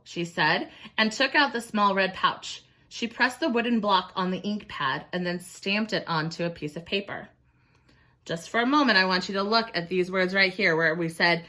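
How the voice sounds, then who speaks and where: A woman teacher reading a picture book aloud to children, expressive and pausing to ask questions. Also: mid-range voice. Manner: expressive, explains and asks questions.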